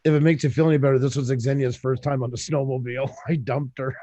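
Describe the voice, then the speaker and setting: A man in casual chat, talkative and quick to agree, joking about online comments. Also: medium pitch, little pitch movement, mellow, muffled recording, a little hiss or hum. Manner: chatty, quick to agree, mocks comment posters.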